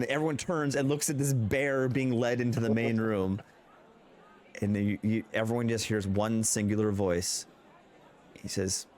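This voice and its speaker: A man's voice: medium pitch, normal speed. Man casually running a tabletop game. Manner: casual, searching for words. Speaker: game master.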